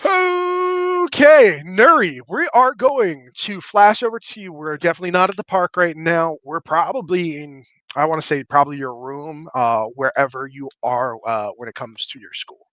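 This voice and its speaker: Lively bright-voiced male game master. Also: a little high, normal speed, few pauses, no room sound. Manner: playful, chatty, full of fillers like 'like'. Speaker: dungeon master. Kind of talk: narrating a tabletop game.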